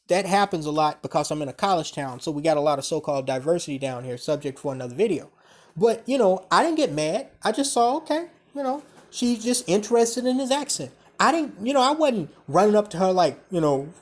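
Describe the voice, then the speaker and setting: Profane, blunt man ranting to camera. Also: sits high. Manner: profane, blunt, animated storytelling. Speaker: vlogger. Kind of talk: casual storytelling rant to camera.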